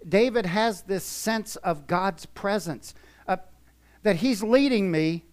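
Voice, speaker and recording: A man preaching a sermon in a church, emphatic, swinging from soft to loud. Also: on the high side, animated, measured pace. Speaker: pastor.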